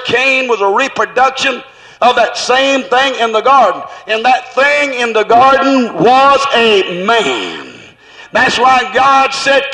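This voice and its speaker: High-voiced fervent male preacher, echoing hall. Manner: fervent, rhythmic, bursts into shouts. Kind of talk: sermon.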